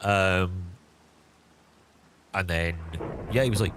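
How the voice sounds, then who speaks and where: A man's voice: sits low, normal speed, slight background noise. Rambling young man telling a story. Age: young adult. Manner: rambling, full of fillers like "like" and "um". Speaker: streamer. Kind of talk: casual storytelling.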